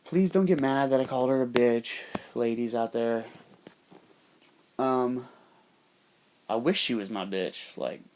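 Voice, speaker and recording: A man's voice: mid-range voice, unhurried, long pauses, slight background noise. A man telling a personal story in a casual, rambling monologue, swearing constantly and acting out the voices of other people. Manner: profane, rambling, animated quoting of others. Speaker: podcast storyteller.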